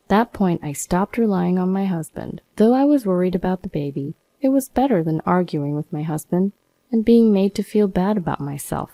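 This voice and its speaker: A woman's voice: medium pitch, animated, moderate pace, dark tone, no echo. A woman narrating her own story in the first person, sounding aggrieved and fed up.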